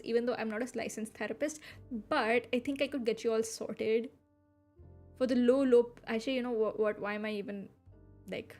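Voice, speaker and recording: An animated woman streamer argues her points with playful conviction, her voice sitting fairly high. Quiet music runs under her chatter. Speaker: VTuber streamer. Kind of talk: casual stream commentary while reading a game.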